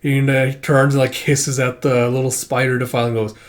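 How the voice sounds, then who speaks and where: Animated man acting out a comic. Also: mid-range voice, fairly quick. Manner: animated, shouts character lines, swears casually. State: dry throat from shouting. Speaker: comic book reader and recapper. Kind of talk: casual comic recap with acted-out dialogue.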